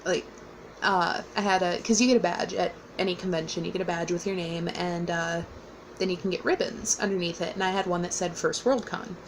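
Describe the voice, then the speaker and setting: A woman's voice: lowish voice, fairly even intonation, a little fast, a little hiss or hum, rough recording. A young woman casually telling a personal story, rambling with fillers and laughing often. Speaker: vlogger.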